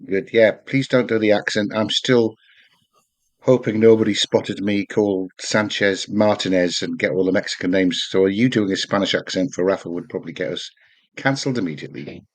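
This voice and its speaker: A man's voice: on the low side, normal speed. A man hosting a podcast in casual chat, jokey and bantering with his guests. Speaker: podcast host.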